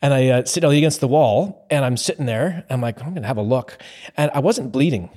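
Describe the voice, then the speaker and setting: A man's voice: medium pitch, quick pace. Man telling a story on a podcast. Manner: animated storyteller, acts out his own past lines. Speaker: podcast host. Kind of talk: casual storytelling chat.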